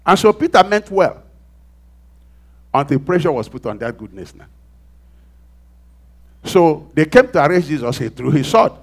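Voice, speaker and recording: A man preaching a sermon, dramatically acting out quoted voices and swinging from loud exclamations to hushed asides. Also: a little high, big pitch swings, moderate pace, pauses often.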